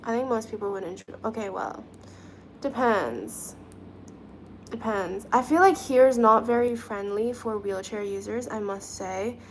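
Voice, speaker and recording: A chatty woman with a fairly high voice hosts a relaxed live stream. She giggles and thinks out loud while doing her nails, with a faint hum of room noise behind her. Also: normal speed, few pauses. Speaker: livestream host reading chat. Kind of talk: casual live-stream chat.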